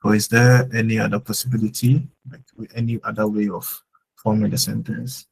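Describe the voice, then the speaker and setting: A man's voice: on the low side, level tone, moderate pace, vocal fry, a little hiss or hum, poor audio. A man teaching German in a live online lesson, explaining patiently with lots of "like" fillers.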